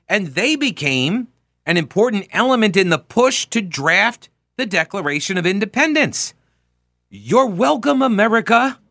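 Male talk radio host, pitched a bit high, theatrical when reading old documents aloud. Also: moderate pace, no room sound, studio quality. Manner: animated, reads history aloud with mock grandeur.

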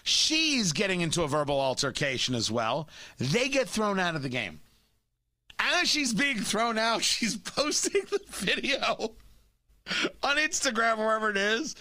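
Male talk radio host, animated and opinionated, tight dry studio sound. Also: high voice, a little slow, dry recording.

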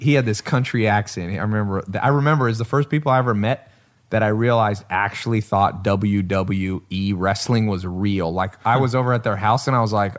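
A man's voice: fairly low pitch, brisk. Emphatic man telling stories. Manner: storytelling, emphatic, laughs often. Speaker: podcast host. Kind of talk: casual podcast chat.

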